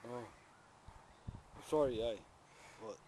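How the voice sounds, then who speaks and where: A man's voice: mid-range voice, slow pace, warm tone. A drunk man rambling and slurring in a repetitive, mumbling way during a street chat. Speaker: drunk passer-by. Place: outdoors by a road, rural. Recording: noisy outdoor camera audio.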